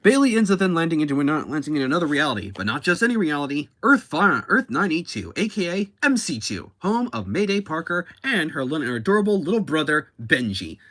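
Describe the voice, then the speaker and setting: A man's voice: fairly high pitch, very animated, fairly quick, hardly any pauses, fairly bright tone. Rambling man recapping a story. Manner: rambling, self-correcting. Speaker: YouTube host.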